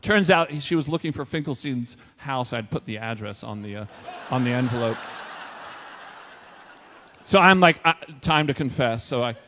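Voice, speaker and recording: A man, a school teacher, telling a funny personal story to an audience in an animated, self-mocking way. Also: medium pitch, moderate pace, pauses often, long reverb tail, slight background noise.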